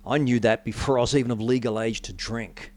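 A middle-aged man giving a sermon testimony, telling his story with dramatic rises and drops in pitch and volume. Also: fairly even intonation, a little fast, darkish tone. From Australia. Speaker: preacher.

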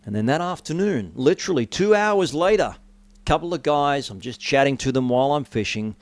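A middle-aged man giving a sermon testimony, telling his story with dramatic rises and drops in pitch and volume. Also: expressive, fairly quick, no room sound. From Australia. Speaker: preacher.

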